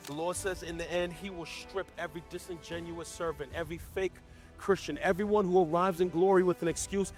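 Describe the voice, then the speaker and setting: A man preaching a sermon as pastor to a church gathering, impassioned, often stammering and restarting mid-sentence. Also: sits high.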